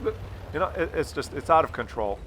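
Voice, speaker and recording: A man's voice: fairly high pitch, expressive, fast, a bit bright, a little hiss or hum. Profane, ranting older man. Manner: profane, sarcastic storytelling. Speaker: gaming YouTuber. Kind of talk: rambling rant over gameplay.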